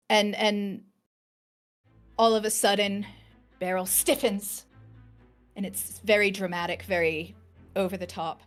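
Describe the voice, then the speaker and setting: A woman playing a tabletop role-playing game, describing her character casually and playfully. She talks at a slow pace over light music. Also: medium pitch, fairly even intonation. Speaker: player.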